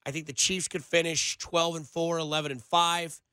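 A man's voice: on the high side, little pitch movement, moderate pace, sharp tone, smooth, no room sound. A man hosting a casual sports talk radio show from a studio, rambling loosely with lots of filler words. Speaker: radio show producer and host. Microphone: studio microphone.

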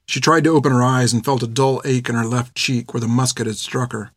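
A man's voice: mid-range voice, fairly even intonation, fairly quick, slightly rough, no echo. Man narrating in a dry, close voice. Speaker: audiobook narrator. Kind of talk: scripted narration.

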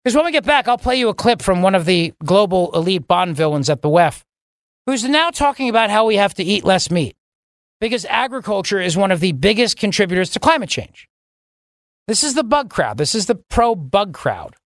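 A man hosts a political talk radio show and delivers a sarcastic, mocking monologue. He jumps to a much higher pitch to drive home his points. He sits at a studio microphone, and the sound is completely dry, with no room echo. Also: lively intonation, a little fast. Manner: sarcastic, mocking, with sudden rises in pitch for emphasis.

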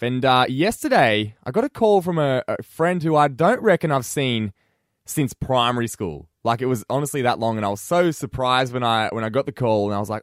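A man's voice: mid-range voice, brisk, no room sound, clean studio sound. A young Australian man co-hosting a breakfast radio show, chatty and jokey, telling stories in casual banter. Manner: chatty and jokey, lively storytelling.

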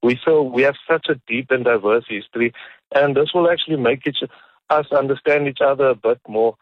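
A man's voice: medium pitch, brisk, dry recording. A man in his late thirties from South Africa, calling a radio show and speaking sincerely and reflectively. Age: 30s. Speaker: caller. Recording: dry phone line.

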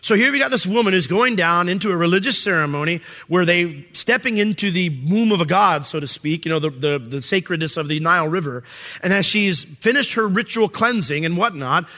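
A middle-aged man preaching a sermon, his voice sitting high. He's animated, quick to act out voices, and full of fillers and restarts.

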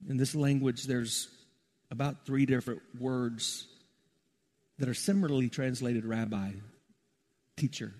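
A middle-aged male pastor preaching a sermon, soaring high and loud, then dropping to hushed, tender lows. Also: steady tone, a little slow, pauses often. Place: church sanctuary. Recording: reverberant church hall.

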